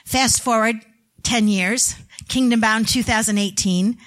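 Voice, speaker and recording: Middle-aged woman speaker, high-pitched, earnest story-driven testimony for a women's event. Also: unhurried, fairly bright tone. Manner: earnest storytelling, voices family members in quotes. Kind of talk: testimony sermon with prayer. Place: indoor gathering of women.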